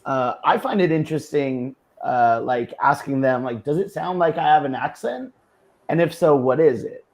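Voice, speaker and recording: A man co-hosting a podcast in casual chat, blunt and profane, quick to laugh. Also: fairly high pitch, animated, darkish tone. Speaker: podcast co-host.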